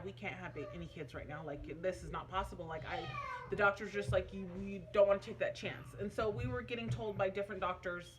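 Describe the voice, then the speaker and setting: Her voice is on the high side and fairly bright, with a little background noise behind it. This young woman vlogs casually, sharing a personal story emotionally and chattily, with lots of fillers.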